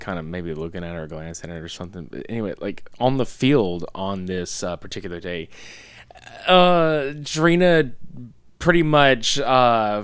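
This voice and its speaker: A man in his thirties co-hosting a podcast, recapping a film in loose, profane casual chat and laughing loudly. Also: lowish voice, smooth, dry recording. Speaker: podcast co-host.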